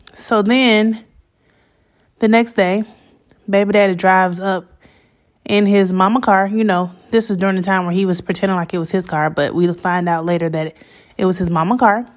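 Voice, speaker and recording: Candid slangy woman storytelling. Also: mid-range voice. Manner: candid, slangy, animated in quoted dialogue. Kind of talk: casual storytelling monologue.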